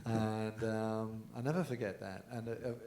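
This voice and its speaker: A man with a lowish, gravelly voice and a somewhat dark tone is interviewed on stage as a guest dancer, telling chatty anecdotes and laughing along. It's live storytelling for an audience in a large conference hall, captured on a stage mic with plenty of hall echo.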